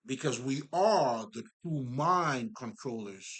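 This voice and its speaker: A man's voice: medium pitch, animated, takes it slowly, a bit bright. A man giving a casual spiritual monologue, emphatic and profane, rambling with many fillers and asides to his listeners. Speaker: spiritual talker.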